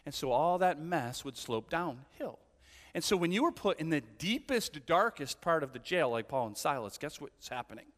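Pastor, male, slightly higher voice, chatty anecdotal sermon delivery, echoing hall sound. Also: very animated, normal speed, a bit bright. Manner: conversational storytelling with frequent "right?" asides. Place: church hall. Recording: long church hall reverb.

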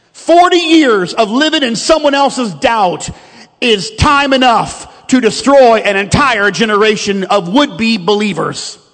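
A man with a strikingly high voice delivers a sermon from the pulpit, calling his congregation to repeat declarations with him. His words ring out with a long church-hall reverb. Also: a bit bright. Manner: preaching with call-and-response, leading the congregation in repeated declarations. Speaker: pastor. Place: church sanctuary.

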